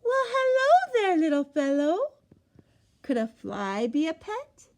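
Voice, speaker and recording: A woman voicing a cheerful little male goldfish in a storybook who is eager for a pet, speaking in squealing, excited bursts. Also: a little high, a little slow, vocal fry, full character voice.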